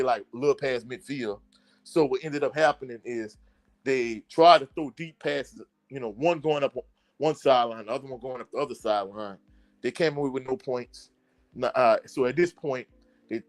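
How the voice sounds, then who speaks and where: A man hosting a casual sports talk show, recapping a football game in a rambling, blunt way, full of fillers and self-corrections. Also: medium pitch. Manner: blunt and exasperated about his team. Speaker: sports podcast host.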